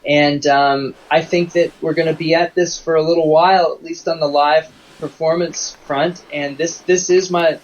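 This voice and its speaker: A man's voice: fairly high pitch, flat delivery, moderate pace, hardly any pauses, dull audio. A man from Canada, a singer-songwriter appearing as an interview guest, who tells rambling anecdotes full of restarts. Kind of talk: casual interview chat.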